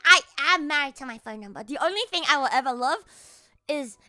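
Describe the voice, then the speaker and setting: A woman's voice: sits high, expressive, brisk, pushed and bright, dry recording. A woman streamer in casual sarcastic chat, rambling and laughing often, on a close mic.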